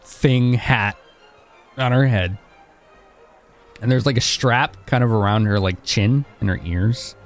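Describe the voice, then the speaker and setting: A man's voice: mid-range voice, slow pace, long pauses, faint music behind. A man narrating as game master in a tabletop game, talking loosely and chattily.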